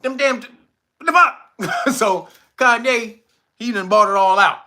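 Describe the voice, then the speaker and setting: A man hosting a casual livestream, reading viewer comments and reacting loudly with profanity and frequent laughter. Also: very high voice, unhurried. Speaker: livestream host reading chat.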